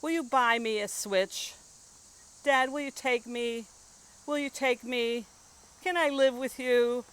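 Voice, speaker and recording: A woman's voice: on the high side, takes it slowly, pauses often, fairly bright tone, smooth, pitched above the performer's own voice, low-quality recording. A woman voicing a worried young boy who pleads with his father in eager, rising questions. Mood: worried pleading.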